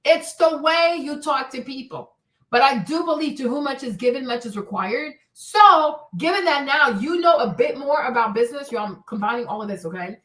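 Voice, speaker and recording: A woman's voice: high voice, animated, moderate pace, a bit bright, echoey room. A woman hosting a commentary livestream, talking emphatically and often checking in with "right?" and "okay?". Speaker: host.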